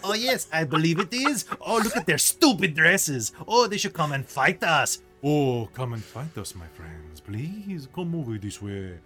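A spiteful flaming skull guarding a bridge, sneering in a put-on French accent and luring adventurers over with a sing-song lilt, as a man does the voice. It is pitched a little above a speaking voice and swings widely, the way a tabletop game master voices a monster. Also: sing-song, measured pace, few pauses, pushed and bright, soft background music, heavily acted. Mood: taunting.

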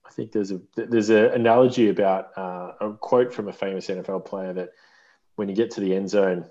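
A man hosting a podcast in casual chat, talking in a relaxed, rambling way with fillers. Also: on the low side, a little fast. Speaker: podcast host. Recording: dull lo-fi sound.

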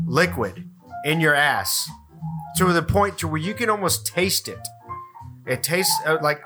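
A man hosting a podcast, telling a rude hospital story in casual, profane talk and acting out his own yelling. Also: fairly high pitch. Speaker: podcast host. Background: music.

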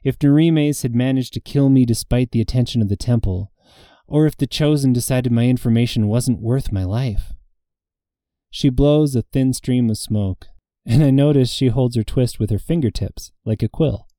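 A man reads a first-person fantasy story in a measured, intimate way, voicing the dialogue as he goes. His voice is very dark and mellow, recorded close and dry with no room sound. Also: medium pitch, dry recording. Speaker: audiobook narrator.

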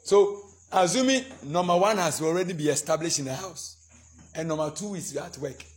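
A man's voice: a little high, normal speed. A man preaching at a marriage seminar, acting out scenes between couples and leading the congregation in prayer. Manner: acts out couple arguments, animated, prays in tongues. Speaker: pastor. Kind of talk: sermon.

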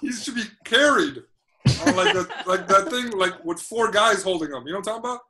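A young man co-hosting a casual podcast chat, slangy and swearing, quick to get excited. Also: sits high, over a noisy crowd. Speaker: podcast co-host.

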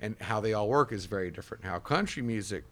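A man talking as a guest on a radio talk show, rambling casually and slipping into quick impressions of people. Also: on the low side. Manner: rambling, animated, breaks into impressions. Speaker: guest, bartender and bass player. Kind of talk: casual chat.

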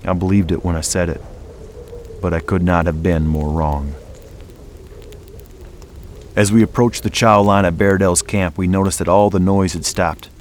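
A man narrating a dramatic first-person story in a measured, dramatic way, over a music bed. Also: low voice, a little hiss or hum. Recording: music playing underneath.

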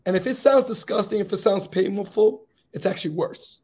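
A man telling his personal story as an interview guest, earnest and grave in the quiet moments, building to rousing encouragement, with a slightly raspy voice. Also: high voice, moderate pace. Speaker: guest speaker.

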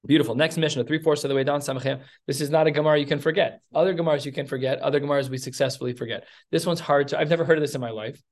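A man leading a text study class, telling the story with animated asides. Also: fairly high pitch, racing, few pauses.

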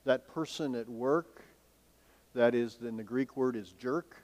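A male pastor preaching a sermon in a church sanctuary. He asks rhetorical questions and swings between emphatic and hushed delivery. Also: mid-range voice, unhurried. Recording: long reverb of a large hall.

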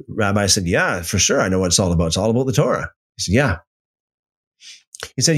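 A man's voice: lowish voice, sing-song, quick pace, pauses often, husky. Man telling a story on a livestream. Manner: storytelling with many restarts and repeated words; reads out and answers live chat comments. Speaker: livestream host. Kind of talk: casual livestream teaching.

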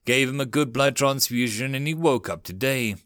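A man voicing a calm, reassuring female ship's doctor. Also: mid-range voice, normal speed, clean tone, dry recording, studio quality, close to an everyday voice.

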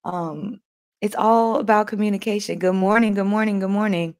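A woman's voice: mid-range voice, fairly even intonation, moderate pace, darkish tone. A woman hosting a casual motivational talk, chatting folksily with viewers, laughing often and reading aloud from a book between their comments. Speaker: host.

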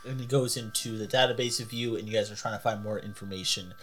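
A man's voice: on the low side, steady tone, quick pace, fairly bright tone, faint music behind. A man running a tabletop role-playing game, narrating in a loose, laughing way. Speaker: game master.

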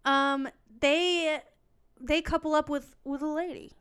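A woman's voice: high voice, fairly even intonation, slow pace, fairly bright tone. A woman co-hosting a casual chat, reading out bird facts and joking about them. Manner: playful, giggly, reads facts then jokes. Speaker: podcast co-host.

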